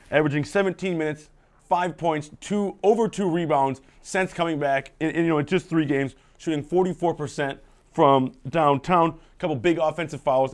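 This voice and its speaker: Guy breaking down college hoops stats, kinda high voice, sure of himself. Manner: confident, rattles off stats. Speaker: sports analyst. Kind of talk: student TV sports analysis.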